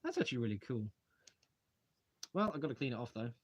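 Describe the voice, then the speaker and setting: A man's voice: mid-range voice, sing-song, quick pace, slight background noise. A young man hosting a casual livestream, rambling as he takes brick models apart and reads out viewer questions. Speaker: channel host live streaming a brick-model build. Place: home hobby room, taking models apart at a desk.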